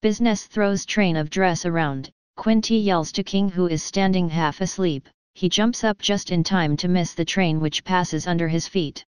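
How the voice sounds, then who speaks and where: A woman's voice: fairly low pitch, normal speed, hardly any pauses, darkish tone, clear, resonant tone, no room sound. A woman reading an old stage script aloud, stage directions included, in a plain, matter-of-fact way. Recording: dry, slightly dull lo-fi.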